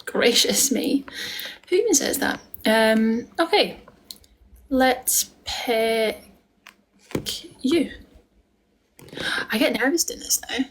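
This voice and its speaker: A chatty Scottish woman, a musical theatre performer, hosts a casual live stream. She answers viewer questions in a fairly high voice, with affectionate words for her audience. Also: animated, slow pace, pauses often, a little hiss or hum. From Scotland. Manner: chatty and affectionate, calls viewers darling and lovely.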